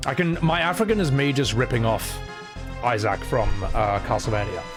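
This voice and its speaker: Over music, a man streams a game playthrough with animated, casual commentary. His mid-range voice moves at normal speed as he jokes around and mocks his own voice work.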